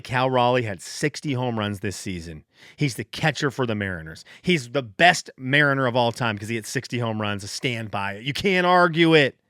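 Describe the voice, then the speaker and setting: A man in his thirties hosting a casual solo podcast, rambling and excitable, who breaks into loud cheering. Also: mid-range voice, dry recording, clean studio sound. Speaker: podcast host.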